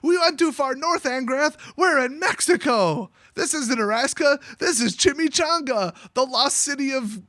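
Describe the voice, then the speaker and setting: A man voicing a frantic, excitable adventurer woman, speaking in a high, shrill and melodramatic way. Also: normal speed, hardly any pauses, no echo, studio quality.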